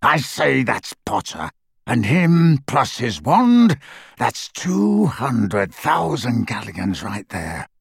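A man's voice: mid-range voice, wildly swooping pitch, slow pace, no room sound, clean studio sound, full character voice. A man voicing a menacing, brutish male werewolf thug who growls and snarls his words. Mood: gruff. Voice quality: gravelly, husky. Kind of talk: audiobook character voice.

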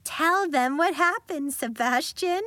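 Talkative schoolgirl read by a woman, bright and lively, dry close sound. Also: high-pitched, takes it slowly, no room sound, voice pushed up, exaggerated voice. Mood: chatty. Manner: chatty, giggly storyteller. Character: chatty schoolgirl who makes things big.

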